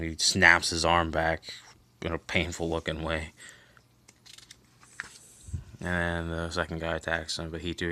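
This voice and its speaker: A man talks through a comic book issue in a low, bright voice that barely moves in pitch at all. He rambles loosely, circling back with fillers and restarts, and swears offhandedly as he goes. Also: clean tone. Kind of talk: casual comic recap.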